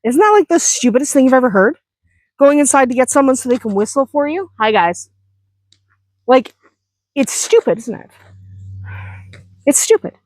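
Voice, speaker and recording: Woman, farm vlogger; casual, self-mocking, quick laughs, higher voice, dry close mic. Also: very animated, a little mellow, dry recording. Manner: chatty, self-deprecating, laughs often. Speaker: vlogger, hobby farm owner. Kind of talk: casual vlog chat.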